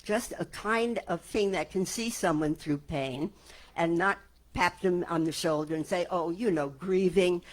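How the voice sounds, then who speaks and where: A woman minister speaking to her congregation in a calm, earnest and reflective way. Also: fairly low pitch, measured pace. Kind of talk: reflective sermon talk. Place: church sanctuary before a congregation.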